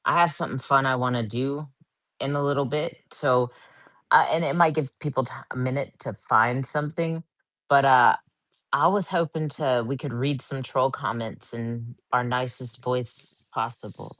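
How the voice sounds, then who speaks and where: A woman's voice: very deep voice, fairly even intonation, normal speed, fairly bright tone, no echo. A woman co-hosting a casual online audio chat, telling rambling stories full of "like" fillers. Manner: rambling storyteller with frequent "like" fillers.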